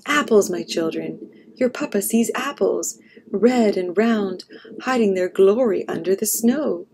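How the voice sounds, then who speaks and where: A woman's voice: mid-range voice, expressive, unhurried, vocal fry, a little mellow, a little hiss or hum. A woman voicing a patient, bearded old father in a storybook, speaking kindly and sagely. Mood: warm, sage. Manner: sage, kindly.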